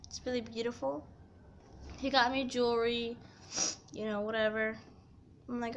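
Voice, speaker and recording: A woman's voice: fairly high pitch, fairly even intonation, moderate pace, pauses often, lo-fi sound, slight background noise. A young woman vlogger telling a painful personal story to camera, heartfelt and tearful, filling her talk with "you know". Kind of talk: emotional storytime confession.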